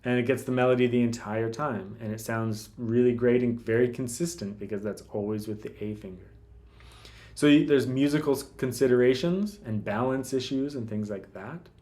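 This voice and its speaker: A man teaching classical guitar in a relaxed, casual way, thinking aloud with lots of fillers and restarts. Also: mid-range voice, moderate pace. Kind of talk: casual instructional talk.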